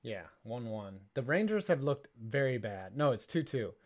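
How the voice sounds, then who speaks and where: A man's voice: medium pitch, very animated, moderate pace. A young man co-hosting a sports podcast, casual and sarcastic, reading viewer messages aloud. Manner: jokey, sarcastic, reads viewer chats aloud. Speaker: podcast co-host.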